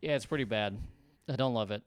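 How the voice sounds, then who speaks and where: A man co-hosting a basketball podcast, trading dry, sarcastic remarks with his friends. His voice is clean and smooth, and the recording is close and dry. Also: fairly low pitch, fast, no echo. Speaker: podcast co-host. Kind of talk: casual sports chat.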